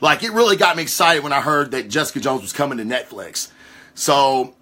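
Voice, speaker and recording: A man's voice: medium pitch, a little fast. A man hosting a casual comic-book news podcast, rambling and cursing freely as he rants from his home recording spot. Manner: profane, rambling, excitable. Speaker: podcast host.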